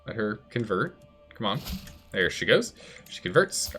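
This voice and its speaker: A man's voice: lowish voice, sing-song, unhurried, bright, forceful tone, faint music behind. A man streaming a strategy game live, chatty, thinking aloud and answering chat as he plays. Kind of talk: live gameplay commentary.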